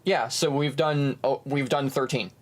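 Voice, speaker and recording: A young man casually chatting as co-host of a stream, animated, with bursts of silly voices. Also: mid-range voice, measured pace.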